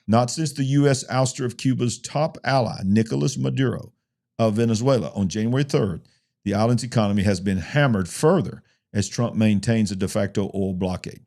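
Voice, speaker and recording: A man's voice: mid-range voice, dark tone. A male host discussing news headlines, reading articles aloud with emphatic asides. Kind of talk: news commentary talk show.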